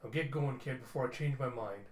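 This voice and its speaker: A man's voice: medium pitch, brisk, lightly acted. A man voicing a tough female soldier captain who gives terse, clipped orders. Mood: gruff. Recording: echoey room.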